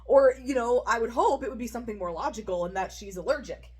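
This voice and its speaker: A woman co-hosting a podcast, chatting casually, animated and quick to laugh. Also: fairly high pitch. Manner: animated, laughs often, thinks out loud. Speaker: podcast co-host. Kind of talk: casual chat.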